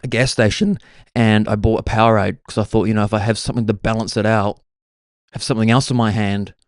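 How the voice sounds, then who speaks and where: A man's voice: fairly low pitch, fairly even intonation, quick pace, dry recording, clean studio sound. A young man, hosting a podcast and musing through a laid-back, self-mocking comic monologue. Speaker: podcast host.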